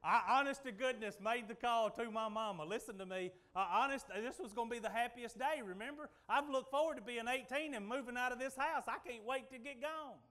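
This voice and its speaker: A middle-aged man preaching a sermon, telling folksy stories and swinging from loud declarations to quiet asides. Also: very high voice, fairly quick, few pauses.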